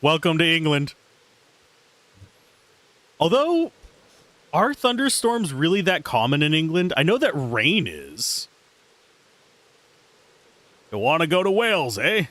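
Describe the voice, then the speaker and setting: A man's voice: a little high, sing-song, slow pace, long pauses, a bit bright, no room sound. A man streaming a game live, chatting casually and joking while reading game text aloud. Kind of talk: casual live gameplay commentary.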